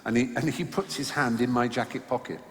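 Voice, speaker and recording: A man telling self-mocking anecdotes on a theatre stage in a wry, halting way. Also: medium pitch. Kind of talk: live storytelling conversation. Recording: echoey hall, live venue ambience.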